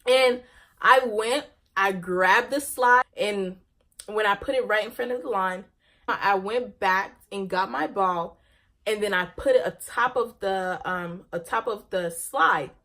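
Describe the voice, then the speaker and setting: A woman's voice: medium pitch, measured pace, sharp tone. A young woman vlogger telling a casual personal story, laughing often and ending on a faith message.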